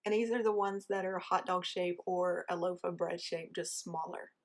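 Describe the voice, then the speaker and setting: A woman's voice: lowish voice, fairly even intonation, moderate pace. Woman, rural Southern accent, casual home baking lesson, chatty and self-deprecating. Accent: rural American Southern. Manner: chatty, self-deprecating, talks while kneading dough. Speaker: home baker teaching. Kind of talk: casual how-to demonstration.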